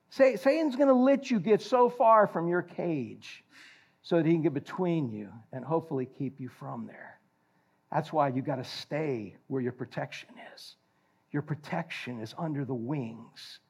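An older man preaching a sermon, animated and jokey, quizzing the congregation. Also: on the high side, husky. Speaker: pastor. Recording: slightly dull lo-fi recording.

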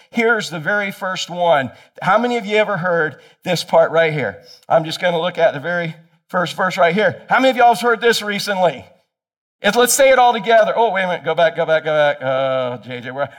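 Male pastor, high voice, lively sermon delivery with shouted emphasis, talks directly to the congregation. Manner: animated, calls on congregation members by name, shouts for emphasis. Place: church sanctuary.

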